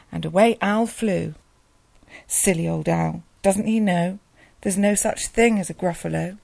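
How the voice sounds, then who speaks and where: A woman reading a rhyming picture book aloud in a sing-song, expressive way. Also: fairly low pitch, a little slow, gravelly, dry recording. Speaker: storyteller.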